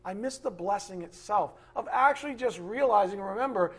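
Husky, higher-pitched middle-aged male preacher; emphatic and rhetorical, swinging loud to soft. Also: normal speed, few pauses. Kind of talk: sermon.

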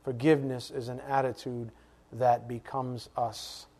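A middle-aged man preaching a sermon, animated, asking rhetorical questions and dropping suddenly to a hush. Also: mid-range voice, measured pace. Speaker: pastor.

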